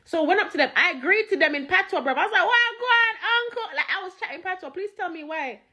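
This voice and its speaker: A woman with a high voice tells a story in slangy street talk. She swears freely and gets animated as she goes. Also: racing. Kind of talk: casual storytelling to camera.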